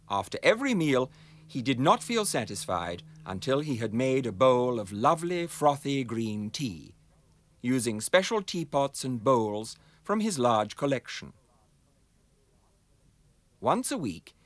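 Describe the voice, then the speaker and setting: A man's voice: medium pitch, no room sound. Man reading a kids' fairy tale, voice swooping all over, dry close sound. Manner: expressive, sing-song storytelling. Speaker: narrator. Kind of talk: storybook reading.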